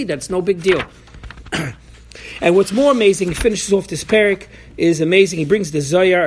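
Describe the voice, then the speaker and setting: A man's voice: high voice, slight background noise. A man giving an informal Torah class, talking animatedly, acting out voices from the story, and often restarting his sentences. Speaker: Torah teacher.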